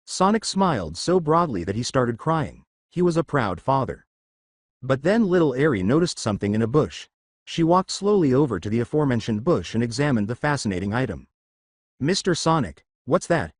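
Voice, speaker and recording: A man narrating a fan fiction story, reading at an even storytelling pace. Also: mid-range voice, brisk, no echo, studio quality.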